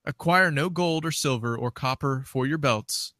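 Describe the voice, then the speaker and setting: A man hosting an interview, introducing a passage and then reading it aloud in a measured, deliberate way. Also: medium pitch, bright, forceful tone, no echo. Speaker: host.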